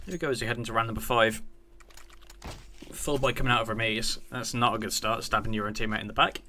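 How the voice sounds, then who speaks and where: He's a UK esports caster in his thirties, handling play-by-play alone and chatting with his stream chat between plays. His mid-range voice is fast, bright, and forceful with fairly even intonation, over slight background noise.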